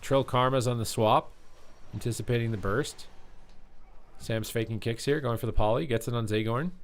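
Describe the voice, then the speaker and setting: Excitable male esports caster. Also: mid-range voice. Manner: excitable, chatty, reads out chat; rapid play-by-play calling. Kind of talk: live game commentary.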